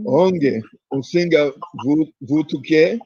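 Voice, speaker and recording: Adult male learner, husky, slightly high, careful reading, dry dull audio. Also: slow pace, a little mellow, no room sound. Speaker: student. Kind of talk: reading practice phrases aloud.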